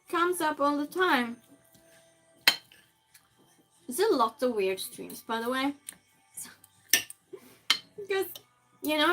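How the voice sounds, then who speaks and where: The recording is rough, and the woman's voice sits on the high side with a bit of brightness. Chatty and casual, she reads and answers her live-stream viewers' messages while moving things around her small space.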